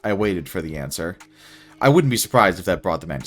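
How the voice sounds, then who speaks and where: A man's voice: deep voice, animated, fast talker, soft background music. A young man reading his own first-person story aloud in a wry, casual way.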